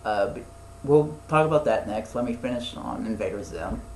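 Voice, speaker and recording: A man's voice: on the low side, lively intonation, normal speed, a little hiss or hum. Rambling young man in an echoey room. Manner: rambling, swears, many fillers and restarts. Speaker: podcast co-host. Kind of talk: casual chat.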